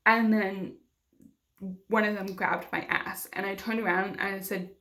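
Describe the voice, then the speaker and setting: A woman's voice: medium pitch, steady tone, measured pace, pushed and bright. A young woman vlogger telling a personal story to camera in a candid, conversational way with many fillers.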